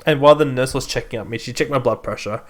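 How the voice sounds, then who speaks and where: A young man co-hosting a podcast at a middle pitch. He talks in a relaxed, joking way, like easy chat between friends. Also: fast. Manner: laid-back, joking. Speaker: podcast co-host. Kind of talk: casual chat.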